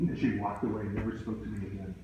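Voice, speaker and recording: A middle-aged man, a teacher and coach, telling a story to his students in a casual, animated way full of asides. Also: lowish voice, very fast, background noise. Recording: very echoey room.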